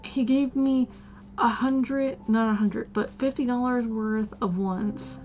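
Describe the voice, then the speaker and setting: Mellow-voiced woman rambling through a story. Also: fairly high pitch, steady tone, slow, dull audio, soft background music. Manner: rambling storytelling full of "like" and restarts. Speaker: streamer. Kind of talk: casual chat while playing a game.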